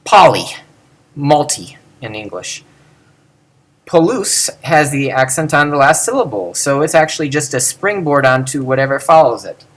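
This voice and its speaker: A middle-aged man giving an unscripted video lecture, thinking aloud with many pauses, fillers and restarts. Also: mid-range voice, big pitch swings. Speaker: lecturer on Greek pronunciation.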